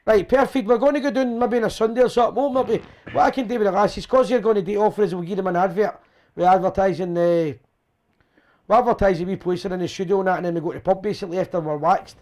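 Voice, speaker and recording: A man's voice: sits high, steady tone, a little mellow. A Scottish man hosting a fan chat show and phone-in, telling rambling jokey stories and checking in with "right?" as he goes. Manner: fast, rambling and jokey, with constant tag questions. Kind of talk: casual chat and storytelling.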